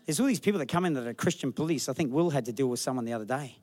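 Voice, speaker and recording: Here a middle-aged pastor speaks in a mid-range voice at a rapid-fire clip during his sermon. He spins humorous, animated tales, imitating the voices of the people in them.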